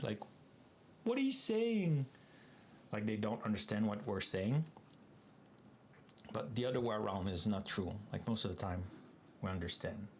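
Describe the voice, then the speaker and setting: A man's voice: on the low side, a little hiss or hum. A man with a French Canadian accent, a native French speaker, chatting casually and rambling through asides while hosting a live coding stream.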